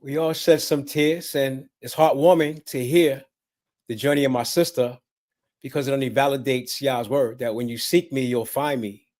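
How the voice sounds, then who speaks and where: A man's voice: medium pitch, fairly even intonation, normal speed, darkish tone. Prayerful man giving closing remarks. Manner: prayerful, invocational. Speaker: guest.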